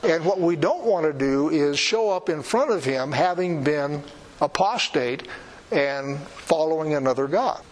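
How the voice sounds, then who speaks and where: Male preacher, fairly high voice, plain-spoken sermon with dry humor. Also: expressive, unhurried, poor audio. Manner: conversational, emphatic, with wry asides.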